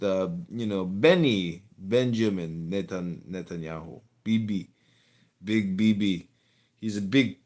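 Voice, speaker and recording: A man hosting a livestream chat, brash and profane, talking over callers. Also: on the low side. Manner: brash and profane, shifts between mumbling and shouting. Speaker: livestream host.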